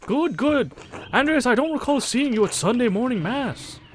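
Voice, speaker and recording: A man's voice: very high-pitched, animated, normal speed, slight background noise, voice pushed up. A man voicing a stern, pious village priest who lectures and pleads in a raised, put-on voice. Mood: preachy. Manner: preachy, pleading.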